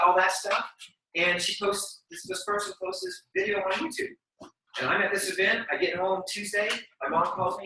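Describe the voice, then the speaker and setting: A man in his forties giving a motivational training talk to a group, energetic and slangy, acting out quotes as he goes. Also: high voice, moderate pace, a little hiss or hum. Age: 40s. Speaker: sales team trainer. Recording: very echoey room, mic at a distance.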